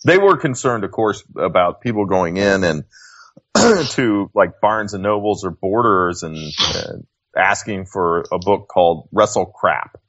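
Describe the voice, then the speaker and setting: A man with a fairly low voice tells a story in laid-back podcast chat and acts out other people's lines as he goes. The sound is dry and a little dull, with no room around him. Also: expressive, unhurried, a bit bright, no echo. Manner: laid-back, acts out quoted dialogue, chuckles. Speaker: guest author.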